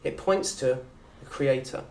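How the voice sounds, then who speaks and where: A man with a southern English accent teaching an Arabic course in a lecture room. He talks in a lively way, quizzes the audience and acts out little scenes. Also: medium pitch, a little slow, vocal fry. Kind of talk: lecture to an open day audience. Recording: roomy echo from a distant mic.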